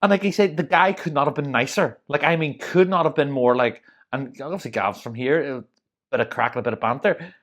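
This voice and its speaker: A woman's voice: extremely low pitch, fairly quick. A woman co-hosting a podcast, telling stories in a chatty way with many asides. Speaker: podcast co-host. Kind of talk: casual chat.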